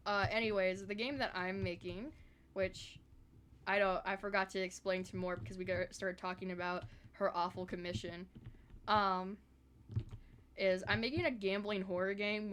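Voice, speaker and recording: A woman's voice: on the low side, a bit bright, slight background noise. A woman from the American South chatting casually on a live stream, rambling with lots of fillers.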